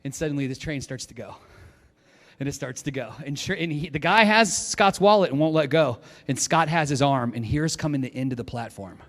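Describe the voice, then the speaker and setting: Animated pastor in a reverberant hall. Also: male voice, on the high side, a little fast. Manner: animated, lively storytelling with acted-out quotes. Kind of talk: storytelling sermon.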